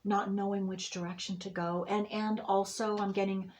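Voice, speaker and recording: Woman doing her monthly reading, rambly, lots of ums, soothing, medium pitch. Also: flat delivery, moderate pace, a little mellow. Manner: meandering, rambling with many fillers and restarts. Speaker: astrology and tarot reader. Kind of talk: monthly intuitive reading to viewers.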